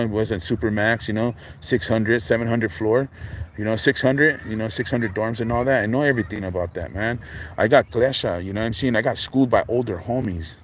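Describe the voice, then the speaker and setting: A middle-aged man hosts a livestream, his medium-pitched voice slightly bright. He chats in laid-back street slang, constantly throwing in fillers like "man" and "dog." Faint background noise sits under the recording.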